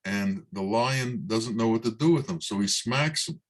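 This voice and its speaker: A man, a Sufi teacher, giving a spiritual talk in a slow, measured storytelling manner. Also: fairly low pitch.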